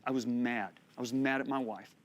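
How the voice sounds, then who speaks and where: A man in his fifties preaching a sermon, telling stories with animated delivery and frequent laughter. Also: mid-range voice, normal speed, lo-fi sound. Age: 50s. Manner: animated storytelling, laughing between points.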